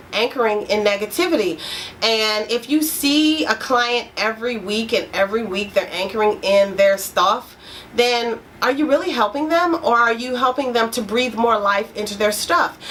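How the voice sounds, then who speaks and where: A middle-aged woman therapist speaks to her program members with a somewhat high, frank and emphatic voice. She drives home her points by repeating them. A faint hiss sits under the recording. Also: a bit bright. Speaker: therapist and life coach. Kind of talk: motivational talk to program members.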